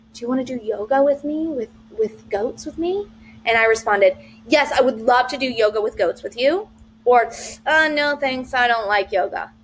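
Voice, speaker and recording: A Spanish teacher with a fairly high voice walks fellow teachers through an online lesson in a vlog, with slight background noise. She's bubbly and playful, sprinkling in Spanish phrases.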